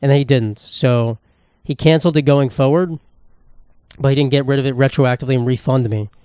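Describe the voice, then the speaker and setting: A man's voice: mid-range voice, fairly even intonation, brisk, warm tone, clean tone, dry recording, clean studio sound. A young man, hosting a solo comedy podcast in a profane, sarcastic, rambling rant. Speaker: podcast host.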